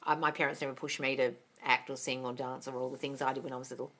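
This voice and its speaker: A woman hosting a casual live Q&A as a manifestation coach, chatty and animated, swearing freely and laughing often. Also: extremely low pitch, quick pace. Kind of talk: casual live-stream chat.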